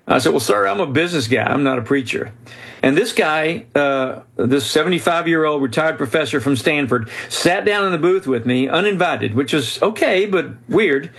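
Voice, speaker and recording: A man telling a story as a guest on a podcast, his voice sitting a little high. He breaks into the voices of the people in his story as he goes. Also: moderate pace, vocal fry, husky. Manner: animated storyteller who voices quoted people. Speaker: guest author.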